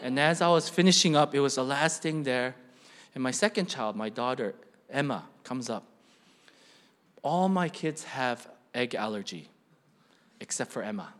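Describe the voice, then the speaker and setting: A middle-aged man preaching a sermon, swinging between rising questions and quiet emphasis. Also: mid-range voice, lively intonation, moderate pace, long pauses. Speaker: pastor.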